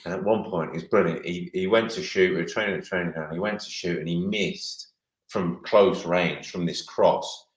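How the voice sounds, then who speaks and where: At normal speed and in a deep voice, this middle-aged man, formerly a footballer, wanders through anecdotes during an interview. He restarts frequently and performs the quotes, all in a roomy-sounding space.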